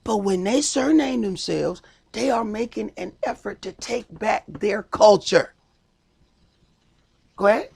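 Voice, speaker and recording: A man preaching a sermon as priest, stressing points by slowing down and raising his voice. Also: high voice, gravelly, breathy edge. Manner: emphatic preaching, slows and shouts for stress.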